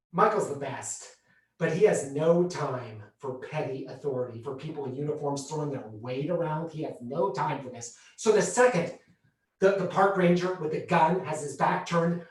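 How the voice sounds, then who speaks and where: A man performing a comic autobiographical monologue on a theatre stage, animated and exclamatory. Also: a little high, normal speed. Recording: echoey theatre, distant mic.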